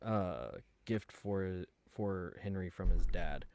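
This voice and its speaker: Slow-talking man playing a tabletop game. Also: sits low, lively intonation, a little mellow, slight background noise. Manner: halting, with many fillers. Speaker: player. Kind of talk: tabletop role-play.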